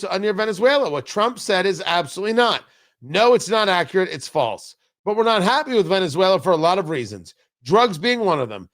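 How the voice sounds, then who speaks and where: A man's voice: sits high, a bit bright. A male radio talk show host giving opinionated political commentary from the studio, full of sarcastic, riffing asides.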